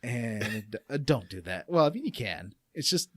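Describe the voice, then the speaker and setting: A man's voice: mid-range voice, very animated, normal speed, no room sound, clean studio sound. A man co-hosting a casual gaming podcast, recapping with a sarcastic edge. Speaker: podcast co-host.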